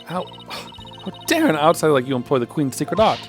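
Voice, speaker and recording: A man's voice: on the high side, sing-song, a little fast, over music, pitched above the performer's own voice. A man voicing a haughty, scornful young royal priestess while reading game dialogue. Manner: scornful, imperious.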